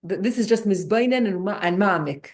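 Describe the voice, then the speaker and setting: A woman teaching a Torah class, animated and restarting her sentences often. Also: mid-range voice, brisk. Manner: animated, many restarts and repeated words.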